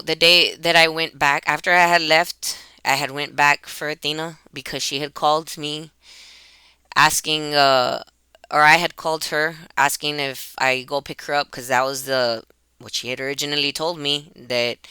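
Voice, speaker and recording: Woman vlogger, webcam monologue; very bright, crisp voice, dry sound, emotional and rambling delivery. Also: low voice, dry recording. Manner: emotional, rambling, restarts and repeats herself. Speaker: YouTuber. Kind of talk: personal vlog monologue. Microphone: computer webcam.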